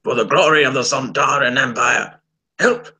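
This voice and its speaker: A man's voice: mid-range voice, normal speed, pushed and bright. A man voicing a brutish male alien warrior who barks battle cries and comic threats. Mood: belligerent.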